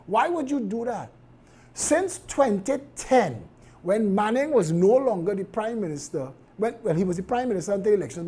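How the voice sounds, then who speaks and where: Outspoken Trinidadian man, husky mellow voice. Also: sits high. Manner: sharp and outspoken, shifts between calm measured tone and loud emphasis. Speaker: host of a live political show. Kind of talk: live commentary.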